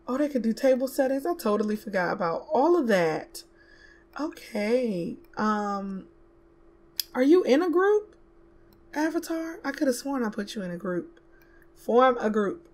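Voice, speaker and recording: A woman's voice: a little high, a little mellow. Chatty woman narrating a life-sim game. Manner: chatty, talks to the game characters, slips into Southern US slang. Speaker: gaming YouTuber. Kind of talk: casual let's-play commentary.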